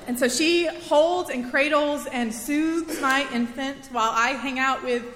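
A woman in her thirties telling a personal story as a sermon, in a chatty, animated storytelling way. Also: high voice, unhurried, slight background noise. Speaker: preacher. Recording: echoey hall with long reverb.

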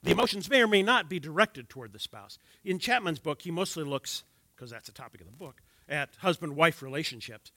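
An older man in his sixties leads a church class on marriage, working through his slides and dropping wry jokes for the room. His voice sits a little high for a man and sounds bright and forceful. The sound is close and dry. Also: expressive, fairly quick, no echo. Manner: wry, joking asides to the audience.

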